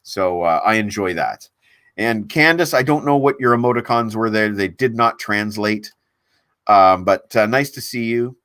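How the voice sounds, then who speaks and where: A man with a fairly low voice hosts a laid-back livestream, wandering from thought to thought with stops and restarts. He reads out viewer comments as he goes. The sound is dry and close, with no room around it. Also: a bit bright, no echo. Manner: rambling and halting, reads viewer comments aloud. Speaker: livestream host. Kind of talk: casual livestream chat. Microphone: desk mic on a laptop stream.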